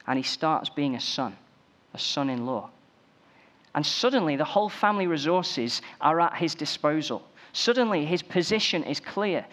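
A man's voice: on the high side, a bit bright. A man preaching a sermon, building emphasis through repeated phrases.

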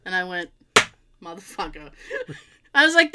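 Animated woman telling a story. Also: sits high, measured pace, pauses often, background noise. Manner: animated storytelling with laughter and swearing. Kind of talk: casual chat.

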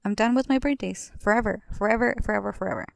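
Twenties woman, solo podcast host; chatty profane venting, gravelly fry, dry close mic. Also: medium pitch, fast talker, dry recording. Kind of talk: casual solo podcast chat. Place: apartment living room.

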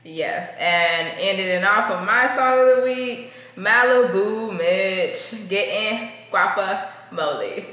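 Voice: mid-range voice, slow, bright, forceful tone. A podcast co-host chatting casually and playfully. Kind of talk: casual chat. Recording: very echoey room.

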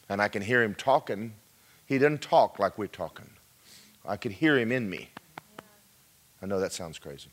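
A man preaching a testimony sermon, jumping from high loud cries to hushed whispers.

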